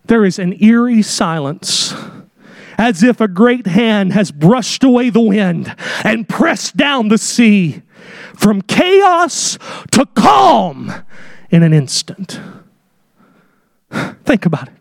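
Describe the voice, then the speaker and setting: A man preaching a sermon, swinging between shouted high peaks and hushed whispers. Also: lively intonation, takes it slowly, no echo, studio quality.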